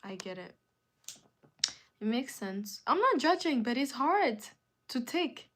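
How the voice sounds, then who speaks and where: Slow-talking woman hosting a live stream. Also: high voice, very animated, fairly bright tone. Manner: emphatic, repeats phrases, drawn-out delivery. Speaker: live-stream host answering viewer comments. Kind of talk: casual live-stream chat.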